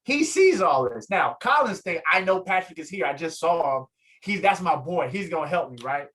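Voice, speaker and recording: A man talks as a guest on a casual interview show, with a voice set a little high for a man. He tells a story with lively energy, acting out the people in it. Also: normal speed, poor audio. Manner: lively, acts out quotes, swings pitch up in excitement. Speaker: guest, photographer and fighter.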